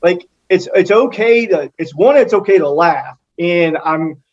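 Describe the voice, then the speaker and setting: A man from Texas speaks as a guest on a casual podcast, in a fairly high voice. His sentences ramble and are full of fillers. The audio sounds dull and lo-fi. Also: animated, measured pace. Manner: rambling, heavy on fillers, laughs often. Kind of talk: casual chat.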